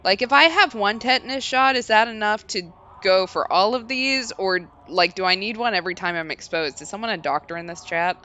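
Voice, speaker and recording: A woman's voice: medium pitch, fairly quick, hardly any pauses, bright, forceful tone, slight background noise. A woman hosting a let's play, chatting casually and reading the game's text aloud in a storytelling tone, with frequent giggles.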